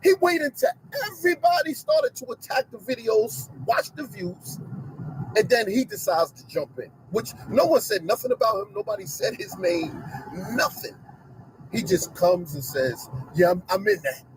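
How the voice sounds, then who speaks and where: A man's voice: high-pitched, sing-song, normal speed, slight background noise, low-quality recording. A middle-aged man giving an emphatic, repetitive, preachy commentary rant to his online audience from inside a car.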